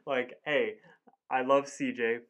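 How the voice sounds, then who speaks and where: Chatty man with a mid-pitched voice, casual podcast. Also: little pitch movement, takes it slowly, fairly bright tone. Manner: chatty, laughs often, says "like" a lot. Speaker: podcast co-host. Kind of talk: casual chat.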